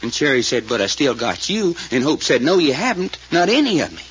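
A man's voice: medium pitch, big pitch swings, brisk, a bit bright. An actor playing a folksy, plainspoken man in a 1940s radio drama, telling what he saw. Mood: earnest. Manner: drawling, hesitant, plainspoken storyteller. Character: folksy rural male witness called Doc. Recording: dull old radio recording, faint hiss.

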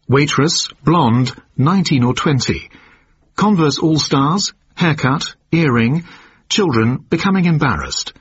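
An actor playing a radio announcer reading a mock forecast in clipped, measured phrases. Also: male voice, a little high, husky, dull audio, exaggerated voice.

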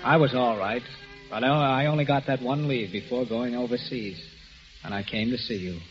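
A man narrating in the first person and playing the lead in a 1940s radio drama, earnest and low-key. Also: moderate pace. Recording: dull lo-fi old radio recording with music.

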